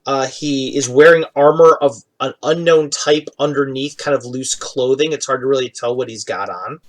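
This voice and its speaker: A man running a tabletop game, describing characters and scenes at an easy, unhurried pace. He pauses often and fills gaps with small fillers. His voice sits at an ordinary middle pitch. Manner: relaxed, halting description with fillers. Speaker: game master.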